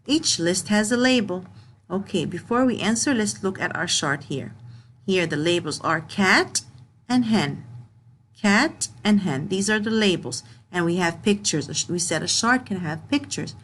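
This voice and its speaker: A woman teaching young pupils in a recorded grammar lesson, reading sentences aloud slowly word by word and patiently repeating herself. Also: on the low side, expressive, a bit bright, slight background noise. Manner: repeats and restarts phrases.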